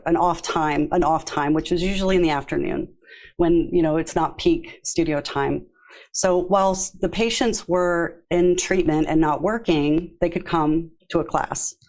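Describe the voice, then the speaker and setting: Woman interview guest, deep voice, warm storyteller, relaxed and chatty. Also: low-quality recording. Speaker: yoga therapist guest. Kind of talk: casual interview.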